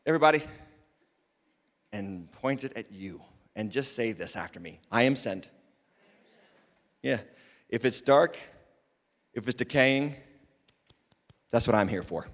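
Emphatic preaching pastor in a reverberant hall. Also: male voice, mid-range voice, lively intonation, unhurried, pauses often. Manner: emphatic preaching, swinging from loud declarations to quiet asides, with humor. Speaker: lead pastor. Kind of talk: sermon. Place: church sanctuary. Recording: long reverb of a large hall.

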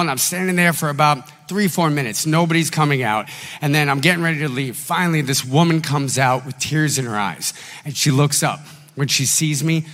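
A man preaching a sermon as pastor, telling a story in an animated, conversational way with acted quotes. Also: fairly high pitch, in a large hall.

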